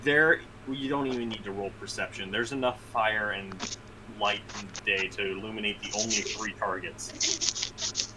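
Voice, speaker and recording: A man's voice: on the low side, steady tone, moderate pace, background noise. A young man narrating as game master in a casual online tabletop session, swearing and laughing along.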